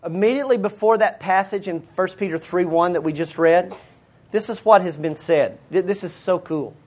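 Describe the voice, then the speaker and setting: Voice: mid-range voice, moderate pace, darkish tone, slightly rough. Earnest preacher reading scripture aloud. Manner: earnest, addresses listeners directly and reads scripture aloud. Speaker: Bible teacher. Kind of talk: sermon.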